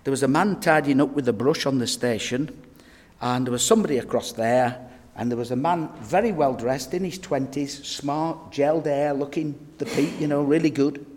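A man preaches a sermon, telling stories and turning straight to his listeners. His mid-pitched voice carries a long echo through a hall. He keeps the delivery direct and conversational. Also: normal speed, darkish tone. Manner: storytelling, direct address to the audience.

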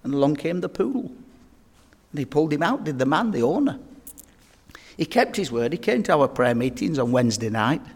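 This preacher has a husky, slightly mellow, higher-leaning voice with a sing-song lilt, moving fairly quickly but pausing often. He shares earnest and humorous anecdotes in his sermon, addressing the folks in front of him, while the church hall adds a long reverb.

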